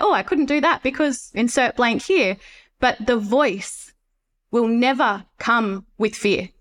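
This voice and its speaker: Woman podcast guest, a bit high-pitched, earnest and reflective. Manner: earnest and reflective, quotes her inner voice. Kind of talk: casual interview chat.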